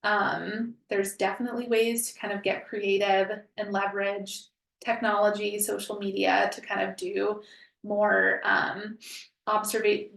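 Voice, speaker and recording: A woman's voice: mid-range voice, creaky, roomy sound, far from the mic. A woman presenting a professional webinar in a conversational way, with frequent ums and hedges.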